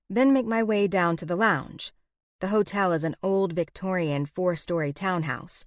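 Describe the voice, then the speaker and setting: A woman narrates a first-person romance audiobook with an expressive, wry delivery. Her voice is on the low side, and the recording is dry and close, with no room sound around it.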